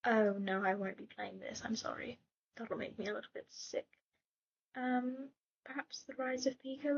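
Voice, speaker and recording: A woman hosting a gaming channel, reading comments and chatting casually in a soft voice that often falls to a whisper. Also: a little high, level tone, normal speed, gravelly, husky, highs cut off.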